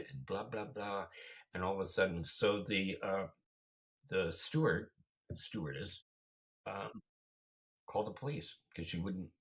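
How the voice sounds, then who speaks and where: A man's voice: deep voice, unhurried, long pauses, rough recording. A man chatting casually, telling rambling anecdotes with lots of fillers. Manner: rambling anecdotal storytelling, animated. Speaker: podcast host. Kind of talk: casual chat.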